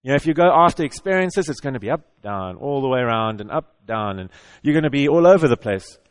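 A man's voice: medium pitch, animated, fast talker, smooth. A middle-aged man preaching in a conversational, earnest way, often repeating and restarting words. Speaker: pastor. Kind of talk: conversational sermon.

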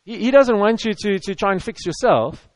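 Man, preacher, high voice, dry close sound, chatty sermon, stammering restarts. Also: lively intonation, moderate pace, no echo. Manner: conversational, repetitive, with stammered restarts. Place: church hall with audience.

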